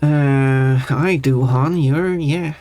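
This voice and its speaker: A man hosting a livestream, answering chat casually in a halting way and chuckling. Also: medium pitch, a little mellow, dry recording. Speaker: livestream host. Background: faint background music.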